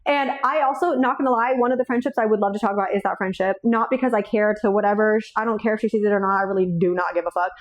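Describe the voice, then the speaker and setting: A woman's voice: mid-range voice, very fast, hardly any pauses. A young woman chatting casually about her books, rambling, swearing freely and laughing often, tearful and shaky. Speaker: book vlogger. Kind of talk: casual chat.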